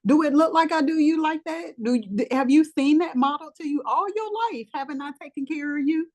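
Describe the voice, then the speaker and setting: A woman's voice: high-pitched, a little fast, a little mellow. A woman in a Bible study group speaking emphatically in rhetorical questions. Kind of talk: casual group discussion.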